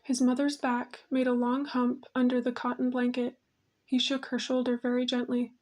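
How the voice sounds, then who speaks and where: A woman narrating an audiobook with a steady, even storytelling manner. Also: fairly high pitch, moderate pace.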